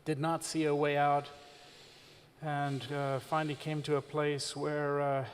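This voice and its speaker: A man with a South African accent, a visiting reverend giving a candid personal testimony during a church service, speaking in a measured way with frequent pauses. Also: a little high, level tone, big-room sound, a little hiss or hum. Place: church stage.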